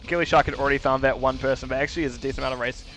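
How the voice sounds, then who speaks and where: A man with a New Zealand accent giving fast, casual play-by-play commentary on a live esports match. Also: medium pitch, steady tone, a bit bright. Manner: rapid play-by-play, casual asides. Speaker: esports caster.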